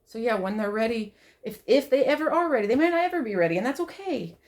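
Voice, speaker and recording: A woman talking straight to camera in an emotional personal monologue, swearing often, repeating herself, and swinging from loud outbursts to soft, quiet pleading. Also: on the high side, lively intonation, quick pace. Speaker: vlogger.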